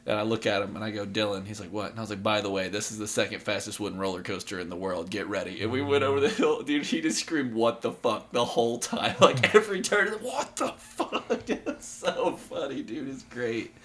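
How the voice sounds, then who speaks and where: A man's voice: on the low side, steady tone, quick pace, hardly any pauses. A young man, co-hosting a podcast and telling stories in a laid-back way, laughing often. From East Tennessee. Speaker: podcast co-host. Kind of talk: casual chat.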